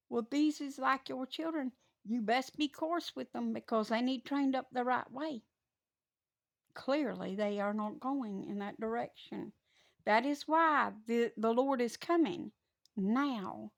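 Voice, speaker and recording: A woman delivering a stern, scolding preaching monologue that rises into loud, fiery preaching. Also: a little high, measured pace, vocal fry.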